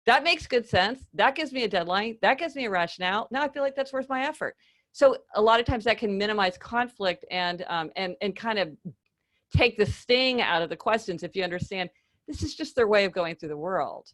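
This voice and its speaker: A woman's voice: mid-range voice, fairly quick, rough recording. A woman author speaking as an interview guest, explaining her ideas and acting out quoted exchanges. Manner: animated, acts out quoted dialogue. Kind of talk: conversational interview.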